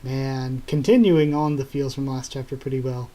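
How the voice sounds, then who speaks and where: A man reading through a comic chapter live and reacting casually, excitable and laughing often. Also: medium pitch, moderate pace. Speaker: YouTuber reacting to a manga chapter.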